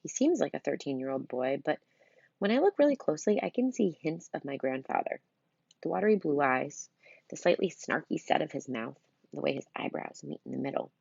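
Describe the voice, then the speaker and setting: Low, husky middle-aged woman reading aloud. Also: expressive, brisk, a little mellow, no room sound, lo-fi sound. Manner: chatty, punny asides to listeners. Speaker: storybook reader. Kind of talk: reading a children's novel aloud.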